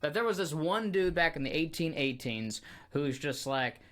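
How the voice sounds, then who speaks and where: An animated man co-hosting a casual podcast. He jokes around, swears freely and jumps from one tangent to the next. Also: fairly high pitch, normal speed. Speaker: podcast co-host. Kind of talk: casual chat.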